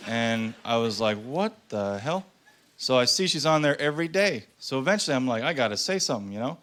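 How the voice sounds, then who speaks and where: A man doing a stand-up comedy routine, telling stories deadpan and slipping into voices for the people in them. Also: mid-range voice, fast talker, clean tone. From Canada. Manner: deadpan storytelling with acted-out voices. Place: comedy club stage with a live audience.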